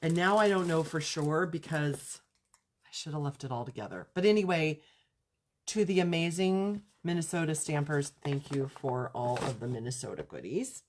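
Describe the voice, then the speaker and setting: A woman's voice: deep voice, slight background noise. A woman hosting a casual live crafting chat, gushing and chatty as she shows off gifts she was given. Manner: gushing, chatty, lots of "so cute" and "I love this". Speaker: crafting channel host.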